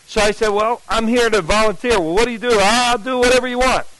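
A man's voice: sits high, a little fast, slight background noise, poor audio. A man from New Jersey, a pastor, preaching a sermon through a personal story and acting out the dialogue. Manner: storytelling, acts out dialogue with lively shifts.

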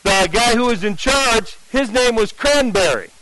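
A man's voice: very high voice, unhurried, no room sound, rough recording. A man from New Jersey, a pastor, preaching a sermon through a personal story and acting out the dialogue. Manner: storytelling, acts out dialogue with lively shifts.

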